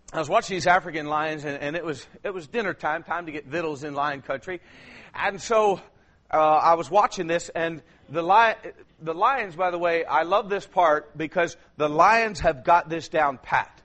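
A male pastor, preaching a sermon that swings from shouted passages to low, quiet storytelling.

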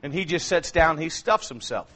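A male pastor, preaching a sermon that swings from shouted passages to low, quiet storytelling. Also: lively intonation, moderate pace.

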